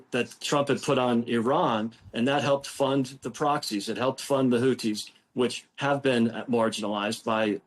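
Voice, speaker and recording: A man from the United States makes his case as a guest in a live news debate. His voice is mid-pitched, and he argues confidently, often doubling words as he restarts a phrase. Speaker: political commentator guest.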